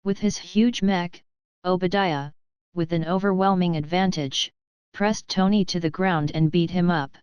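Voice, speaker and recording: A woman narrating a novel in an even, steady way. Her voice is low and exceptionally smooth and clear. The recording is dry, with no room sound. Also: unhurried, no room sound. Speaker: audiobook narrator. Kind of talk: scripted narration.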